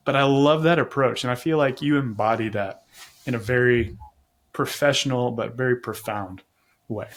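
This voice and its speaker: A man's voice: mid-range voice, normal speed. Male host from Tennessee, casual interviewer, upbeat and affirming, tells anecdotes, mid-range voice. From Tennessee, USA. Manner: enthusiastic, affirming, storytelling. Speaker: podcast host.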